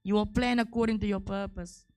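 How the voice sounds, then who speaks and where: A woman's voice: medium pitch, steady tone, brisk, a little mellow, no echo. A woman preaching a sermon, repeating key words and building to emphatic peaks.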